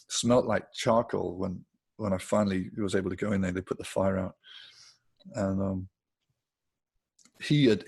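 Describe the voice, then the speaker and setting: An older Englishman with a gravelly, husky voice tells anecdotes in a relaxed interview. He sits slightly low in pitch, chatty and quick to laugh. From England. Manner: chatty, laughs often while telling anecdotes. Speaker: guitarist guest. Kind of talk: casual interview storytelling.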